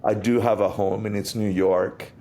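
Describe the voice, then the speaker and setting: A man, a guest on an interview podcast, telling a personal story in a lively way and acting out the voices in it. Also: on the low side, moderate pace. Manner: animated storyteller, acts out quotes. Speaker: interview guest, Buddhist teacher.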